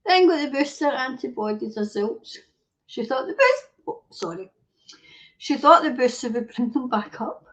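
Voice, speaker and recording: A woman's voice: sits high, big pitch swings, normal speed. A woman hosting a live stream, ranting bluntly and swearing heavily while reading viewer comments. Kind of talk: casual ranting chat. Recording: dull lo-fi stream audio.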